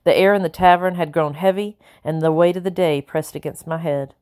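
A woman reading a first-person audiobook in a measured, earnest storytelling manner. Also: fairly low pitch, steady tone, darkish tone. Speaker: audiobook narrator.

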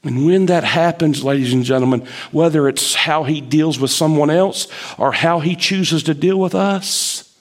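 Speaking at a measured pace, a preacher delivers an emphatic sermon, rising high to hammer home his point while voicing the prophet's complaints.

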